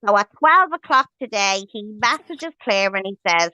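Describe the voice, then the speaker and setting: A woman's voice: medium pitch, lively intonation, moderate pace, sharp tone, no room sound. A woman hosting a livestream, ranting angrily and swearing with heavy emphasis. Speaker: livestream host. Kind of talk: heated livestream rant. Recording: dull lo-fi stream audio.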